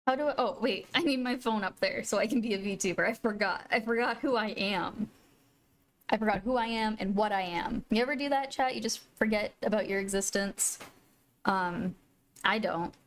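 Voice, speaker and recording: A woman's voice: mid-range voice, moderate pace, slight background noise. A woman live-streaming a video game, chatting casually with viewers and gushing over her pets. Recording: faint music behind.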